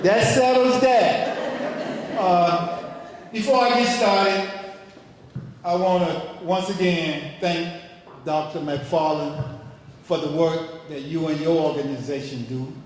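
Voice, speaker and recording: Older man, business owner, slow folksy delivery, higher voice, echoey hall, far from the mic. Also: slight background noise. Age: 60s. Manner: slow folksy storytelling, joking with the crowd. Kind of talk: casual speech at an event. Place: large event hall.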